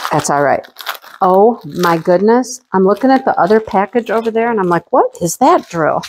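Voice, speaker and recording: Excitable woman gushing over craft supplies. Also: mid-range voice, slight background noise. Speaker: craft channel host. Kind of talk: casual unboxing vlog.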